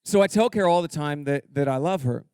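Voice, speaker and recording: A male pastor preaching a sermon in a church, energetic and humorous, drawing call-and-response from his congregation. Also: fairly high pitch, fast, clean tone, no room sound, clean studio sound. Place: church sanctuary.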